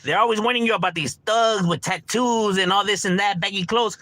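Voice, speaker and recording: Slangy, bright-voiced streamer man from Los Angeles. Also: high voice, fairly quick, dry recording. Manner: laid-back, slangy, drops Spanish words, laughs often. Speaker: livestream host chatting with strangers. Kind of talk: casual profane chat.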